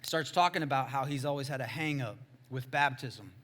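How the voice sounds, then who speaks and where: A male pastor telling a story in a sermon, in casual slangy talk that swings between loud exclaims and hushed asides. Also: medium pitch, fairly quick.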